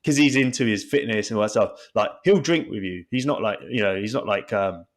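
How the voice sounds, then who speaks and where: A man with a lowish voice talks a little fast while co-hosting a casual podcast with his brother. He rambles, keeps restarting his sentences and laughs often.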